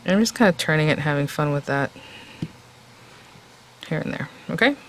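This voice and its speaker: A deep-voiced woman talks briskly and with animation while showing how she makes cards in an easygoing crafting tutorial. She chats and thinks aloud throughout, though her voice sounds a little tired. The audio is poor, with slight background noise.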